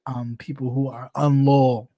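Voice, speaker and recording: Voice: mid-range voice, level tone, unhurried, mellow, no echo, faint music behind. Blunt, teasing gossip commentator, dry close sound. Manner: blunt, profane and teasing, laughs often. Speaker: online commentator.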